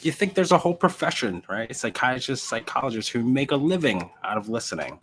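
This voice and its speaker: Guy on a live reseller chat show, middle-pitched voice, gets animated telling stories and doing little voices. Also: fairly quick, a little hiss or hum. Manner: animated storyteller, acts out voices in anecdotes. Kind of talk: casual livestream chat.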